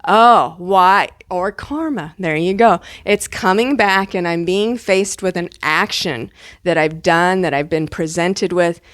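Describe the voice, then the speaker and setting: A woman giving a casual, animated spiritual teaching to her students, with chatty, playful asides. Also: lowish voice, slow pace, dry recording, clean studio sound.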